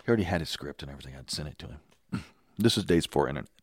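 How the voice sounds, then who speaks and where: A man, a filmmaker, chatting casually on a podcast and telling lively anecdotes. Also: rumbling low, racing, no room sound, clean studio sound. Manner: enthusiastic storyteller, impersonates people in quotes.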